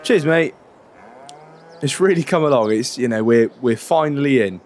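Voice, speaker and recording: A man, chatting in a relaxed, rambling way during a farming game roleplay. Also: medium pitch, normal speed. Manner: relaxed, chatty, many fillers and restarts. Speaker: roleplay creator.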